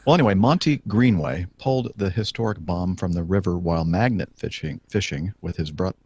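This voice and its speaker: Very low-voiced man, dry jokes. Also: fairly quick, darkish tone, husky, dry recording. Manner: dry joking asides. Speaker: podcast co-host. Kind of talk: casual chat, reading news aloud.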